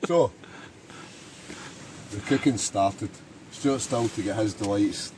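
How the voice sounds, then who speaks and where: A man with a Scottish accent chatting casually with friends while cooking at a wild camp, animated and joking. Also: fairly low pitch, slow, slight background noise. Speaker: vlogger, wild camper. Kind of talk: casual camping vlog chat. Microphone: handheld camera.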